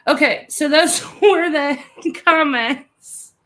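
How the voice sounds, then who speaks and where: A woman in her thirties co-hosting a podcast, chatting casually, reading out live comments and telling quick stories with a lot of giggling. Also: high voice, bright, forceful tone. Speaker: podcast co-host.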